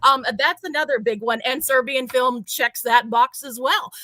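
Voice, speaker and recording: A woman guest chatting over a video call, eager and freely profane. Her voice sits a little high and sounds bright and forceful. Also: normal speed, no echo. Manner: enthusiastic, profane. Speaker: guest reviewer. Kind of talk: casual livestream chat.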